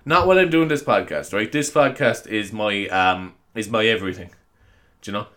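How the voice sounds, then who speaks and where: A young Irish man hosts his own solo podcast, sounding tired as he rambles in a casual, self-mocking way and laughs often. His voice is fairly low, with a moderate pace and a sharp tone.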